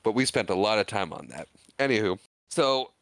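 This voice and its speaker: A man's voice: fairly low pitch, normal speed, creaky, no room sound. A man co-hosting a podcast, casually recapping a movie scene by scene and acting out the characters' lines. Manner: animated, acts out characters' lines while retelling scenes. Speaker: podcast co-host.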